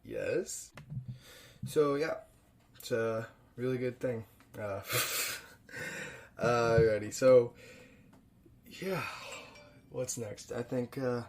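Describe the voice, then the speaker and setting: A young man hosting a podcast, reviewing a film alone in a loose, profane, chuckling way and jumping louder for emphasis. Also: mid-range voice, very slow, long pauses. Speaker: podcast host. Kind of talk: casual solo film review.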